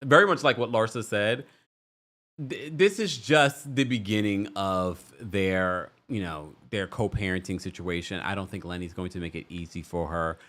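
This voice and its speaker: A man's voice: low voice, moderate pace, fairly bright tone. A man hosting a livestream who chats and gossips about a reality show, reads viewer comments aloud and laughs often. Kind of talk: casual reality TV recap commentary.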